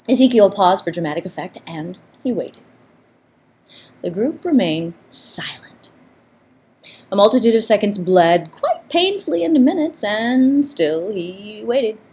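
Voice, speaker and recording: Woman reading a funny story, lively pitch that jumps around, playful and expressive. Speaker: narrator. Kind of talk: storytelling narration.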